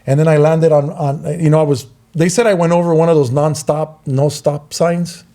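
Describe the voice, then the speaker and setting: This podcast co-host is a middle-aged man from Southern California with a fairly high voice and a moderate pace. Telling a long story in a casual way, he gets animated and performs the voices of the people involved.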